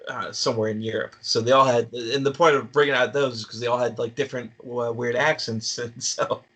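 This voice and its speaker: A man talking casually as a podcast guest, laughing often and breaking into animated impressions. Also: mid-range voice, brisk. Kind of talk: casual chat.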